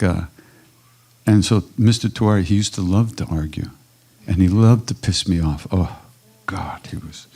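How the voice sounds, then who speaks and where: Fairly low in pitch and touched with vocal fry, an older man's voice carries warm, casual stories as he answers questions. He's a kirtan teacher speaking at a live retreat in an ashram hall.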